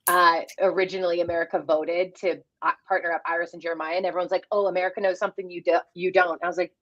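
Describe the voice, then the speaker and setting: A woman's voice: fairly low pitch, little pitch movement, rapid-fire, a bit bright. A woman co-hosting a live fan podcast, joking wryly in casual chat. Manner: wry, joking. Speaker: podcast co-host. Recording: dull lo-fi audio.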